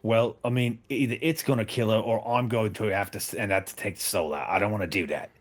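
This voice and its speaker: A man's voice: lowish voice, fast. A man playing a tabletop role-playing game, casual and thinking aloud. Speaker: player.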